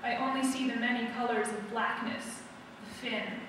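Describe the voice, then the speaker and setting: A woman's higher-pitched voice, steady in tone and brisk, carries through an echoey opera centre hall recorded from a distance, with background noise present. She is an author at a live event, introducing her novel casually before reading one of its first-person scenes aloud.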